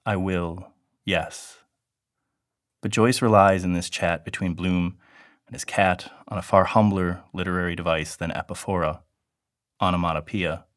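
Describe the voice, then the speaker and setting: A man reading an academic lecture in a measured, deliberate way. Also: sits low, fairly bright tone, dry recording, studio quality.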